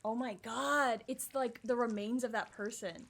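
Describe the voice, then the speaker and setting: A woman's voice: mid-range voice, expressive, normal speed, gravelly, hardly any pauses, a little hiss or hum. Chatty young woman streamer, jumpy. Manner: chatty, easily spooked, thinks aloud. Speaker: gaming streamer. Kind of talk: casual live-stream commentary.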